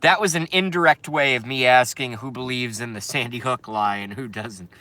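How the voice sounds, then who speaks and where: A man's voice: mid-range voice, normal speed, pushed and bright, no echo. A man hosting a casual live stream, ranting with a lot of swearing and talking straight to his chat viewers.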